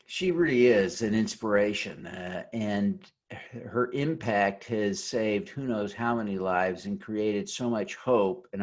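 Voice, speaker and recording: A man giving a motivational conference talk over a video call, earnest and leading the audience in an oath. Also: lowish voice. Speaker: keynote speaker.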